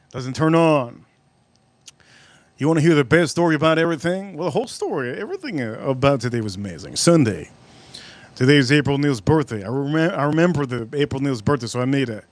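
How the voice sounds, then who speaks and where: Rambling, excitable male livestream host. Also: on the high side, no room sound. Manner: rambling, excitable, repeats himself. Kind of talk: casual livestream chat.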